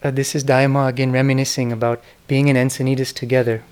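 A man's voice: medium pitch, flat delivery, fast talker, smooth. A middle-aged man giving a reflective, devotional talk, telling stories in an earnest manner. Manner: earnest, devotional storytelling with soft, whispered quoted names. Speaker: speaker giving a talk on spiritual history. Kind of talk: reflective spoken lecture.

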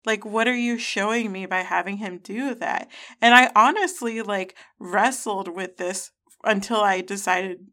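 Woman podcast co-host, casual and sarcastic, ranting, mid-pitched voice. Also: a little slow, few pauses, pushed and bright. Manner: sarcastic, ranting, swears freely. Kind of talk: casual book-discussion chat.

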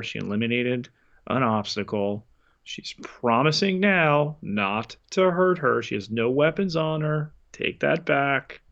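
A man with a mid-range voice who talks slowly and carefully, recapping a show on a podcast. His audio sounds dull and lo-fi, as if recorded on a lesser mic. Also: medium pitch, fairly bright tone. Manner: measured, recapping scenes. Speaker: podcast co-host. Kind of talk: casual chat.

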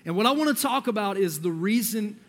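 A man giving an energetic, joking youth sermon as a youth pastor, talking directly to the crowd. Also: sits high, fairly quick.

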